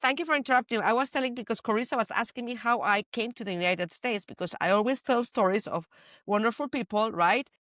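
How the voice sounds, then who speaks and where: Woman, Spanish accent, podcast host, animated storyteller, dry close mic. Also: on the high side, fast talker, no echo. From Spain. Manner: animated storyteller, playful asides. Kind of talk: casual chat.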